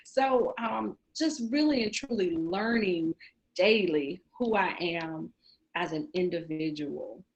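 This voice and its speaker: A woman's voice: lowish voice, slow pace, rough recording. A woman in her forties, a guest in a casual interview, talking candidly and laughing often. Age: 40s. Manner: candid, laughs often, repeats "really and truly".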